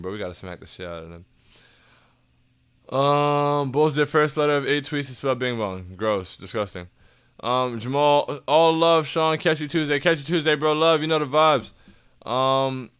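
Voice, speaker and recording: A young man hosts a casual fan livestream, reading out chat in slangy, excitable talk that often softens into quiet sincerity. His voice sits a bit high for a man, bright and crisp, with a clean, smooth tone. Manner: hyped, slangy, drops to soft and earnest.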